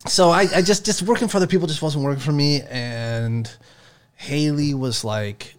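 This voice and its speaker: A man's voice: on the high side, moderate pace, clear, resonant tone. A man hosting a podcast, chatting casually, joking and swearing as he rambles. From Sacramento area. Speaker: podcast host.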